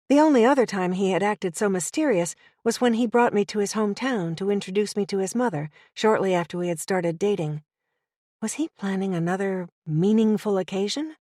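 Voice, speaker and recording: Woman, audiobook narration, first-person, middle pitch, dry close sound. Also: a little mellow, dry recording.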